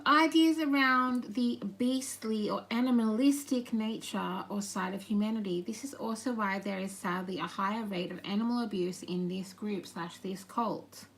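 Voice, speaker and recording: A woman relays channeled messages in a halting, drifting way, dropping into murmured asides. Her voice is gravelly, with a lot of vocal fry. A faint hum of noise sits under her voice. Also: medium pitch, low-quality recording.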